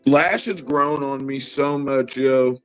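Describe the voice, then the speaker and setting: A man co-hosting a casual wrestling chat show, talking in an animated, profane, rambling way. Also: mid-range voice, slow pace, faint music behind, rough recording. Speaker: podcast co-host.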